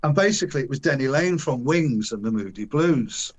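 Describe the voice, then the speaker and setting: Older man, interview guest, casual storytelling, colloquial slang, acts out quoted voices, restarts and chuckles, middle pitch. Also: expressive, brisk.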